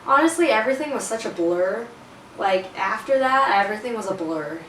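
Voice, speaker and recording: A woman's voice: on the high side, expressive, fairly quick, fairly bright tone. A teenage girl telling a storytime in a chatty, casual way, full of fillers and self-conscious laughs. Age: teens. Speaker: vlogger. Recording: roomy, a bit distant, faint noise.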